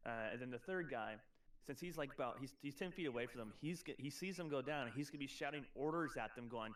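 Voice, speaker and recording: Halting male game master. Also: medium pitch, distant mic. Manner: halting, explanatory, many fillers and restarts. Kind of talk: running a tabletop game over voice chat.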